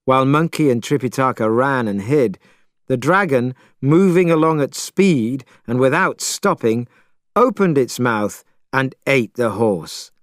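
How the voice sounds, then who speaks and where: Male storyteller, scripted narration, slow, expressive, dry close mic. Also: mid-range voice, no echo. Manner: measured, expressive.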